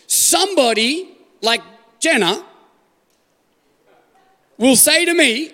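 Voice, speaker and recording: A man's voice: extremely high pitch, expressive, slow, sharp tone. A man with an Australian accent preaching a sermon to a live congregation as pastor, joking and putting questions to the room. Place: church hall. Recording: live church hall reverb.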